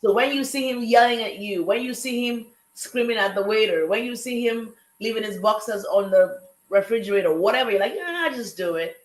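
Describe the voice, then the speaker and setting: A woman hosting a relationship talk show, telling stories with lively energy and acting out the people she talks about. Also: fairly high pitch, fairly quick, few pauses, roomy sound, low-quality recording. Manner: animated storytelling, acts out callers' lines. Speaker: podcast host. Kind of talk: casual chat.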